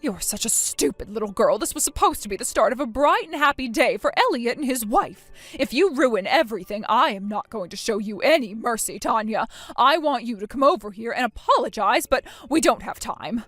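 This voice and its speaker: A harsh middle-aged mother who scolds with cold contempt, put on by a woman. The voice sits fairly high and moves lively, with soft music underneath. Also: brisk, hardly any pauses, dry recording. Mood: scornful. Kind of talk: texting story voice acting.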